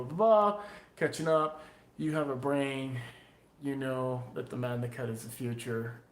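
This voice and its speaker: A man, a knifemaker, talking on a loud, profane and tipsy live stream, acting out imagined critics. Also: on the high side, roomy sound. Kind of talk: casual live-stream chat.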